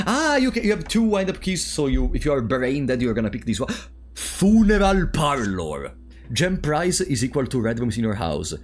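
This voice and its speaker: A man streaming a puzzle game, thinking aloud and bantering with his chat. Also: mid-range voice. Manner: thinking aloud, chatting with viewers, animated swings. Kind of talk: casual let's-play commentary.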